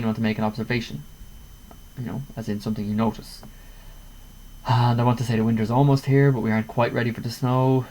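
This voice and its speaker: A man's voice: mid-range voice, darkish tone, rough recording. A man teaching a class about poetry, patiently repeating key points and often checking in with "okay?". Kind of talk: classroom lesson explaining poetry. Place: home room by a window.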